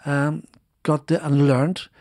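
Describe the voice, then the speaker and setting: A man's voice: fairly high pitch, flat delivery, takes it slowly, darkish tone, no room sound, clean studio sound. A middle-aged man, a former racing driver, telling stories in a casual interview, rambling with many restarts and repeated words. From Northern Ireland. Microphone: studio podcast mic.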